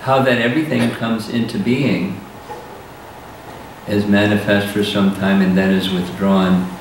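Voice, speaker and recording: A man giving a slow, deliberate scripture lecture as a spiritual teacher, pausing often to let points sink in. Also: lowish voice, flat delivery. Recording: very echoey hall, voice from far off, faint hiss.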